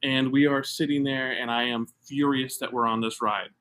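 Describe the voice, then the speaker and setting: A middle-aged man from the United States co-hosts a casual podcast, spinning a story with emphatic, self-mocking flair. His voice sits at an ordinary middle pitch for a man. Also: steady tone, normal speed, a bit bright. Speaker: podcast co-host. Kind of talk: casual chat.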